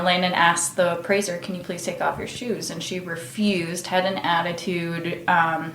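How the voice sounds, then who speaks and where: Low-voiced woman in an echoey room. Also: background noise. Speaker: real estate agent, podcast co-host. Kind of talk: casual storytelling.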